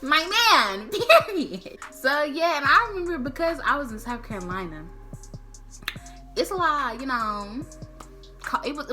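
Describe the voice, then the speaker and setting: A woman telling a casual, slangy, profane story to camera, acting out the people in it. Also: sits high. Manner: slangy, profane, animated, acts out quotes. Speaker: storytime vlogger.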